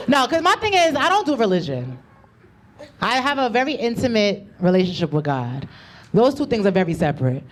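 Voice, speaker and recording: A woman's voice: mid-range voice, big pitch swings, normal speed, slight background noise. A woman doing a stand-up comedy set with a loose, slangy, conversational delivery. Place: comedy club stage.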